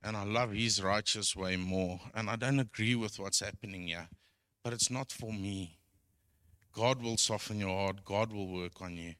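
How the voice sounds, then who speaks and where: A middle-aged man sharing an earnest personal church testimony, halting with restarts. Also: fairly low pitch, fairly bright tone, dry recording, studio quality.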